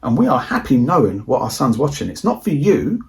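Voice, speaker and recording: A man tells an old school story to camera in a relaxed, rambling way. He talks like he's chatting with mates, repeating himself and backtracking as he remembers. His pitch sits right in the middle for a man. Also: brisk, creaky. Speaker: movie collector vlogger. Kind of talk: casual anecdote storytelling.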